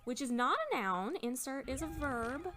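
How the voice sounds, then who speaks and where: A young woman talks through a game at her home computer, chatty and thinking aloud as she checks a dictionary. Her pitch jumps around a lot, with a faint bit of game music underneath. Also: expressive, normal speed, sharp tone. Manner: chatty, thinks aloud while looking words up. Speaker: let's play host. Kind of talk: casual game commentary, explaining Japanese words.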